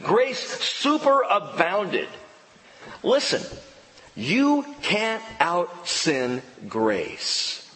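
Animated man preaching in an echoing hall. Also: high-pitched, very slow. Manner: animated, playful preaching with sudden emphatic outbursts. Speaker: pastor. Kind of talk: sermon. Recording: reverberant hall with faint ambience.

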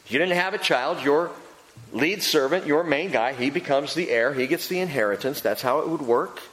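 A man preaching a sermon, swinging between loud emphatic lines and hushed ones. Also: a little high, moderate pace. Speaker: pastor. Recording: long reverb of a large hall.

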